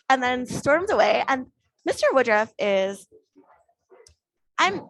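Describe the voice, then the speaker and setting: On a roughly recorded podcast, a woman with a high-sitting voice shares a story at a moderate pace. She casually brings the quoted dialogue between herself and others to life.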